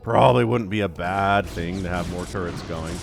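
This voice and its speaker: A man casting a real-time strategy match solo, chatty and rambling, with easily excited asides. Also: low voice, moderate pace, vocal fry, music in the background. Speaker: esports caster. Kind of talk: solo game commentary.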